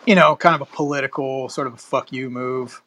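A podcast host reads a news article aloud in a casual, chatty way, pausing to comment and laughing at the wording. His mid-range voice is bright and forceful, fairly even in intonation, and a little fast.

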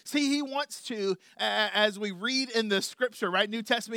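A middle-aged male pastor delivers a sermon with a high voice. He lands hard on key words, then falls to quiet asides. The recording is dry and close. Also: moderate pace, vocal fry, hardly any pauses, no room sound. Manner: animated, swings from loud emphasis to quiet asides.

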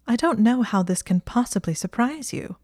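A woman's voice: on the high side, lively intonation, moderate pace, a little mellow, no echo, clean studio sound, voice pushed up. A woman voicing a clever, stubborn teenage witch girl who speaks in an earnest, clipped, defensive way.

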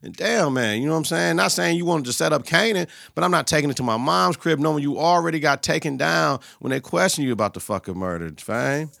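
A man's voice: a little high, animated, fast, creaky, few pauses, bright, forceful tone, no echo, studio quality. A man hosting a podcast, recapping a TV episode in a casual, profane, slang-heavy way. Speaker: podcast host.

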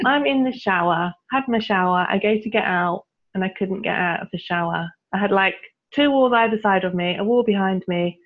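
A woman, a guest coach who tells stories with frequent laughter and leads clearing statements in a conversational interview. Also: medium pitch. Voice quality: laughs often, animated storytelling. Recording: tinny phone-like line.

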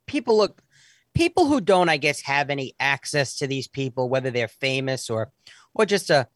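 A man in his forties telling a story in casual talk, animated and often restarting his sentences. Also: mid-range voice, normal speed, no echo, clean studio sound. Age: 40s.

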